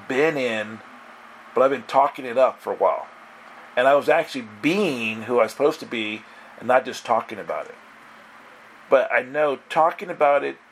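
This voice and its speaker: Animated storytelling male preacher. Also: mid-range voice, slight background noise. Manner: animated, laughing storyteller with many restarts. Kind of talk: sermon storytelling.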